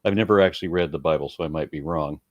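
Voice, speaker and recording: A man hosting a panel chat, reading viewer comments in a relaxed way with stumbling restarts. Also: very deep voice, rapid-fire, dry recording.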